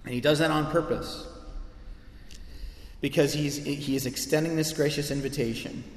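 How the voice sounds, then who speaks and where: A man's voice: fairly high pitch, fairly even intonation, moderate pace, slight background noise. A man preaching a sermon as pastor, earnest and impassioned, with emphatic swells. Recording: echoey hall with long reverb.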